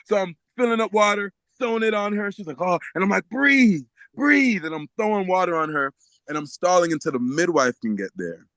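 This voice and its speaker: A man telling a story as a podcast guest, animated and often laughing, acting out the voices of the people in it. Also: high voice, fast, no echo. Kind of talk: storytelling in a casual interview.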